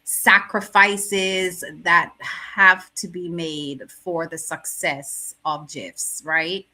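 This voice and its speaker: A woman hosting a talk show, speaking slowly in a bright, rather low voice. She asks her guests measured questions. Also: steady tone, low-quality recording.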